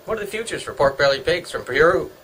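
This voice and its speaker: Over slight background noise and poor audio, a middle-aged Canadian vlogger speaks quickly in a slightly high, expressive, somewhat bright voice. He chats at home in a rambling way, joking, talking to himself, and hopping from one topic to the next.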